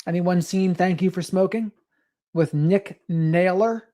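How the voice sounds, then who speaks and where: A commentator on a live stream reacts to the action and reads out comments from the chat with a joking tone. The voice sits at an average pitch and the delivery is loose and casual. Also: slow, dark tone.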